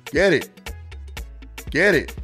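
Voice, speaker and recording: A man's voice: fairly high pitch, very animated, slow, music in the background. A man hosting a podcast, giving blunt, profane comedic commentary as he reacts to videos. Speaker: podcast host.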